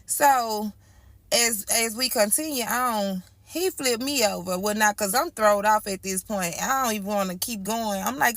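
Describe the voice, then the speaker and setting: A woman's voice: fairly high pitch, moderate pace, fairly bright tone, no room sound. A young woman telling an emotional storytime about a traumatic night, acting out the voices of the people involved. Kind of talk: storytime vlog.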